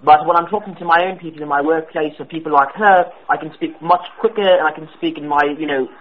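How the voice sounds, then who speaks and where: A man's voice: a little high, fast talker. A British man calling into a prank show, rambling with lots of filler words. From Britain. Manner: rambling, full of fillers and restarts. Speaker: caller. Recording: tinny phone line.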